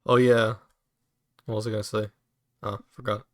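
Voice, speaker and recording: A man's voice: fairly low pitch, little pitch movement, moderate pace, no room sound, clean studio sound. A young man streaming a game, chatting casually with a friend, swearing and laughing easily. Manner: laid-back, swears casually, laughs often. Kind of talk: casual chat while gaming.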